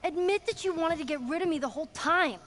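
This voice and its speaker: A woman's voice: very high voice, fast, a bit bright. An actress voicing a defiant teenage girl survivor in a video game, angry and swearing.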